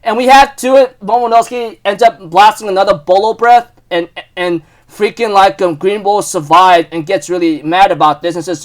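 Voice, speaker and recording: Excitable high-voiced young man rambling. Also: moderate pace, few pauses. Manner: rambling, many fillers and restarts, excitable. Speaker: manga chapter reviewer. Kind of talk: casual chapter recap.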